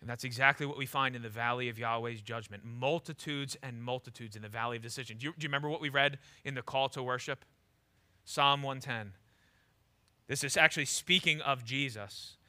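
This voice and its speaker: A man preaching a sermon in a church, emphatic, swinging from loud declarations to low, intense lines, often repeating words as he starts a thought. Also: a little fast. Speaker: pastor.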